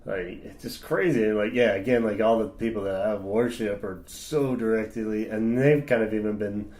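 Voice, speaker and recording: Loose, enthusiastic podcast man, lowish voice. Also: steady tone, moderate pace, darkish tone. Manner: loose, enthusiastic, swears and hums riffs. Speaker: podcast co-host. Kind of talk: casual chat.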